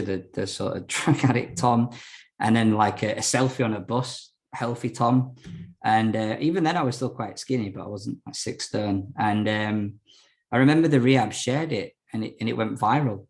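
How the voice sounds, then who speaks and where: Young man, podcast guest, low and gravelly, candid and rambling. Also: darkish tone. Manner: rambling, frank, many fillers and restarts. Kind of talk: casual storytelling interview.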